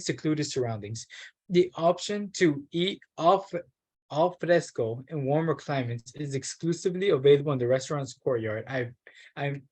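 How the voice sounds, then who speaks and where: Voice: medium pitch, a little mellow. A workshop participant reads a travel brochure aloud, stumbling now and then and breaking off for self-mocking asides.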